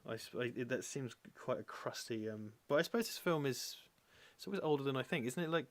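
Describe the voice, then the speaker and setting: A man chats casually as a co-host on a livestream, joking and playful and stumbling over his words now and then. His voice sits at an ordinary middle pitch. It is recorded close and dry, with no room sound. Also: lively intonation, fairly quick, no room sound. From Britain. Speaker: co-host reading viewer messages.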